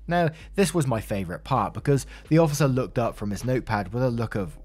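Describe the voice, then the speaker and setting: A man's voice: mid-range voice, expressive, quick pace, few pauses, a little mellow. A man narrating a Reddit story in a conversational way, adding his own asides.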